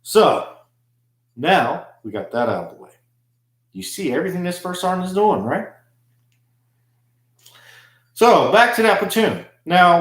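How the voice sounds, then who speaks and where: An army veteran vlogger delivers a casual monologue, telling a story in an aggrieved, emphatic way. His voice is a little high, and the recording is reverberant.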